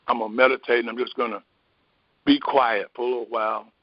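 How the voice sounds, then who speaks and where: A man in the role of a spiritual teacher, telling a personal story in an unhurried, meandering way, often pausing on fillers. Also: medium pitch, little pitch movement, no room sound. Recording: dry, dull lo-fi recording.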